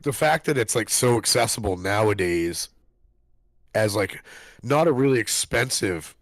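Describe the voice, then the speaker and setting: A man's voice: lowish voice, animated, measured pace, no room sound. A man hosting a casual podcast chat, telling stories animatedly, acting out quotes, swearing and laughing. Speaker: podcast host.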